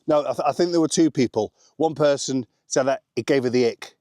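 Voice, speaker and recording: A mellow mid-range male voice, a little fast, comes through a dry, studio-quality recording. He's a vlogger rambling casually outdoors on a rural smallholding about family life abroad, self-deprecating and leaning heavily on "um" and "anyway."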